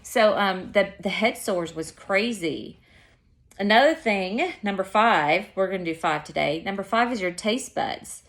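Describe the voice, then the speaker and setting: A woman's voice: medium pitch, measured pace, a bit bright. Woman, casual vlog chat, rambling, self-correcting, mid-range voice. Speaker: vlogger.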